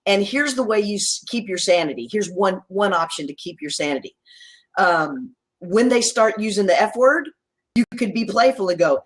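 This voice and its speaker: A woman's voice: medium pitch, animated, moderate pace, poor audio. A woman guest expert in a discussion, talking in an enthusiastic, emphatic and playful way. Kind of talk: casual discussion.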